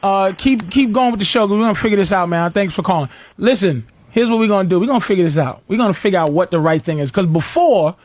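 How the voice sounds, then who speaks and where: A man's voice: sits high, lively intonation, fast, hardly any pauses. A man hosting a radio talk show, rambling through a profane, laugh-filled story in a casual studio chat.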